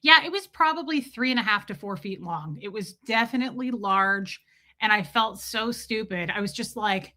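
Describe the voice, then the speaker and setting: Bright, rambling woman live streamer. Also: mid-range voice, animated, moderate pace. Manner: rambling, candid storytelling with casual swearing. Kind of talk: casual live stream chat.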